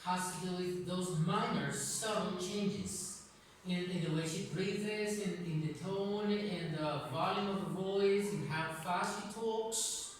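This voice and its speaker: A man's voice: high voice, takes it slowly. A man teaches a class and keeps asking his students questions, often repeating his words as he restarts. He is recorded from far away in a very echoey classroom, with faint background noise. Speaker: English teacher. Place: classroom, indoors. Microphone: far camera.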